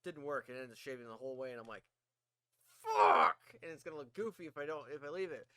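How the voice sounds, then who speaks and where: Talking very fast in a fairly high voice, this podcast co-host keeps the conversation casual. He rambles through stories, swears and laughs frequently.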